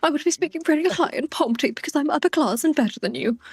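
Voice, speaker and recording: A woman putting on the voice of a haughty upper-class woman who speaks high and prim to show she is better than others. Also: expressive, fast talker, no room sound. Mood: snooty.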